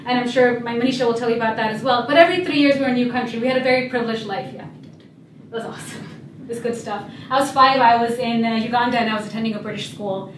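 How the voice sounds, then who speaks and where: High, lively young woman telling stories. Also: fast talker, far from the mic, slight background noise. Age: young adult. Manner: lively, humorous, acts out quoted voices. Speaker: speaker. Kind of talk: storytelling talk on stage. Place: event hall. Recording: echoey hall, voice set back from the mic.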